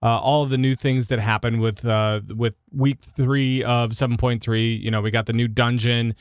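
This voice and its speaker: A man's voice: medium pitch, moderate pace, clear, resonant tone, no echo, clean studio sound. A man hosting a gaming podcast in casual chat, rambling with lots of fillers. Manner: animated, chatty, lots of fillers. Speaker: podcast host.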